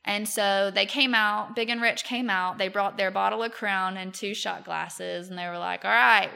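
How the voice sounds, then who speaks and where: A woman's voice: mid-range voice, steady tone, moderate pace, gravelly, bright, forceful tone, clean tone. A woman, telling stories as a podcast guest, chatty with many fillers and frequent laughs. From Mobile, Alabama, US. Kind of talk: casual chat.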